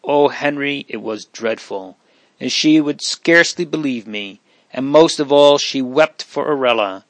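A man's voice: medium pitch, a little slow, no echo, pitched above the performer's own voice, close to an everyday voice, poor audio. A man voicing a haughty but remorseful young countess, speaking earnestly. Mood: distressed. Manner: pleading, earnest.

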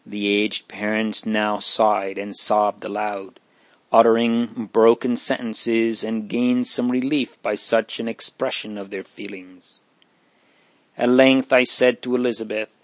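A man reading aloud an old religious story in a measured, solemn way. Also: on the low side, flat delivery, no room sound. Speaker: narrator.

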